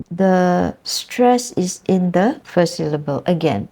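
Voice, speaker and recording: A woman's voice: on the low side, lively intonation, slow pace, vocal fry, few pauses, dark tone. A middle-aged woman from Malaysia with a Malaysian English accent, a university lecturer giving a pronunciation lesson and spelling words out letter by letter.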